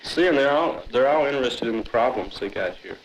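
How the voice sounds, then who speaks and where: A man's voice: mid-range voice, lively intonation, a little fast, slight background noise, rough recording. A man explaining steadily in a group discussion about his organization. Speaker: member of a street organization.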